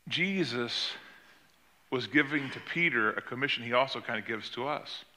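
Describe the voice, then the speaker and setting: An older man, a pastor, speaks at a moderate pace with a sharp tone while preaching a sermon. He tells a story about his granddaughter and acts out the quoted voices, raising his pitch as he does.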